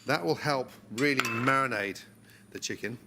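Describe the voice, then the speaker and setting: A man demonstrating a recipe step by step in a relaxed, encouraging way, as on a cooking show. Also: medium pitch, normal speed, very noisy. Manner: relaxed, encouraging, talks through each step.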